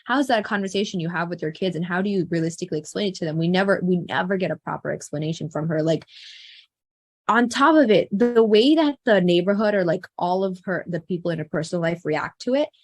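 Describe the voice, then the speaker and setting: A woman's voice: lowish voice, expressive, quick pace, darkish tone, no room sound. A woman co-hosting a casual film review chat, speaking earnestly and searching for words with many fillers.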